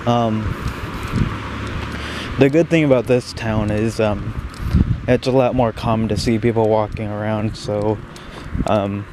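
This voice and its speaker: A young man vlogging outdoors in the snow at dawn, talking quietly and hesitantly with many fillers, shivering and breathing heavily. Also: lowish voice, fairly even intonation, unhurried, pauses often, noisy background. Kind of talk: casual vlog talk to camera.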